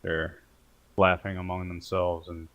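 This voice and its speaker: Man, low voice, casual game master narrating a tabletop battle. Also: flat delivery, measured pace, narrow, tinny audio. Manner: casual, storytelling, joking.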